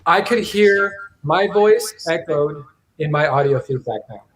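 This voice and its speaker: A man's voice: on the high side, lively intonation, a little slow. A man hosting a casual live stream over a video call, chatting and thinking aloud. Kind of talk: casual chat.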